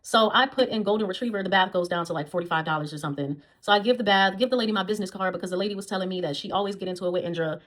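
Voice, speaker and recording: A woman's voice: mid-range voice, rapid-fire, hardly any pauses, a bit bright. A woman, a dog groomer, telling a blunt, profane storytime vlog about her old job.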